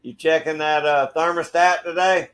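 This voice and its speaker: A middle-aged man from Georgia with a Southern accent, hosting a relaxed livestream and greeting viewers by name. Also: a little high, normal speed. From Georgia, USA. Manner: friendly, laid-back, greets viewers by name. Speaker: livestream host. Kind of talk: casual chat reading viewer comments. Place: backyard shed.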